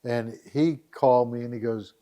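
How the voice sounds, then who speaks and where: A man's voice: mid-range voice, fairly even intonation, normal speed, mellow. A man as a podcast guest, chatting casually and telling stories, often laughing. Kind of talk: casual storytelling chat.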